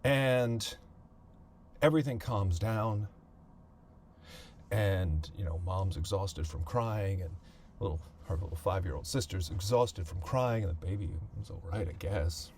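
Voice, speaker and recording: A man hosting a podcast, telling a personal family story in a halting way, often repeating words and thinking aloud. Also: sits low, a little mellow, slight background noise. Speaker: podcast host.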